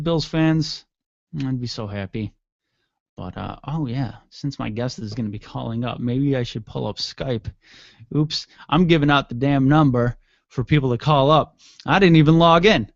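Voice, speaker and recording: A man's voice: medium pitch, moderate pace, gravelly, no echo, dull audio. A man hosting his own internet radio show alone, rambling and joking with mild cursing, yawning and sleepy. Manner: rambling, joking, mildly profane. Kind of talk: casual solo radio chat. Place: home studio room. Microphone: desk mic with headphones.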